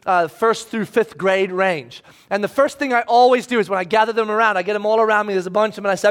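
Man, sermon preacher, very high voice, animated and emphatic, breaks into acted shouts. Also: fast, few pauses. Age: adult, married with children. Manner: animated, emphatic, acts out scenes with sudden shouts. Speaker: pastor.

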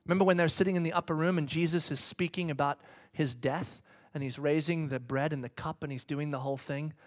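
A man preaching a sermon in a casual, chatty way, telling a story with sudden swings between loud excitement and hushed whispers. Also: fairly high pitch, a little fast. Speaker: pastor.

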